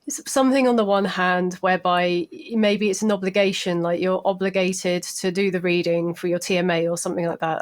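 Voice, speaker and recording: A woman student speaks on a live online panel in a reflective, rambling way. She restarts her sentences often as she thinks aloud, at a mid pitch.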